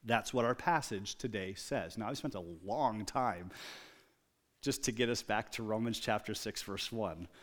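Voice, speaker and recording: A man preaching a sermon, moving from quiet, reflective storytelling to loud, emphatic exclamations. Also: lowish voice, measured pace. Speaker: pastor.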